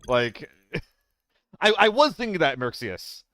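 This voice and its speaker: Smooth-voiced young male streamer. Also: a little high, big pitch swings, takes it slowly, pushed and bright, dry recording. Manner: loose and profane, chatting with viewers, flustered in fights. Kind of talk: casual live-stream chat while gaming.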